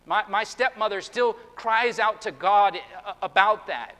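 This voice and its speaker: A man preaching a sermon as pastor, earnest and halting, often restarting his words. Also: high-pitched, pushed and bright. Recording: long reverb of a hall.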